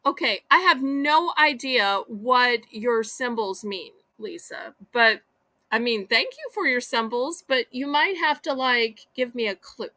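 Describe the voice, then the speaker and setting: A woman hosts a live online sale, her voice high and bouncing across a wide range. She talks slowly and chattily, with a bright edge that is starting to fray. The sound is close and dry, with no room around it. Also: animated, no echo. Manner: chatty, folksy, drawn-out sales patter. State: losing her voice. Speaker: live online auction host. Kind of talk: live-stream selling chat.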